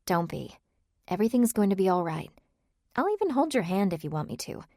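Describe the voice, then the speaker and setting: A woman voicing a steady, protective older sister who talks calmly and reassuringly, in a dry audiobook reading. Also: mid-range voice, fairly quick, no room sound. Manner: calm and reassuring. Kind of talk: audiobook character voice.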